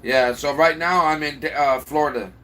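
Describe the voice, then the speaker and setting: A man's voice: fairly high pitch, moderate pace, bright, forceful tone, a little hiss or hum. A man with a slight Chicago accent, rambling and answering viewer comments aloud in a casual livestream chat. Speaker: livestream host.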